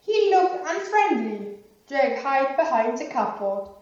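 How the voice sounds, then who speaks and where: A woman reads a children's story in a slow, clear, deliberate way, her voice fairly high. The recording is roomy and slightly dull. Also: very animated, darkish tone, far from the mic. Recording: echoey, dull lo-fi room recording.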